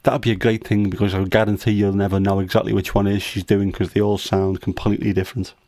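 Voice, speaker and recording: A middle-aged British man hosts a casual livestream chat, teasing his daughter with jokey dad humor. His lowish voice is warm and level, quick-paced, and recorded with no echo.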